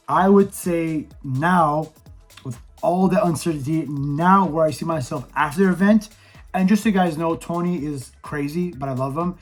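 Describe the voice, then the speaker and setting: A young man with a hoarse voice talking candidly to camera, blunt and swearing freely as he reviews an event. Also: a little high, moderate pace, faint music behind. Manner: blunt, profane, fired-up. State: hoarse from yelling. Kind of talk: casual candid monologue.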